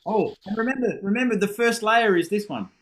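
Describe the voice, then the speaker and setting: A middle-aged man leads a horn masterclass over a video call, his voice pitched high for a man. He praises readily, jokes about himself and demonstrates with short sung syllables. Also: expressive, brisk. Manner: encouraging, self-deprecating, demonstrates with sung syllables. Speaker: horn teacher giving a masterclass.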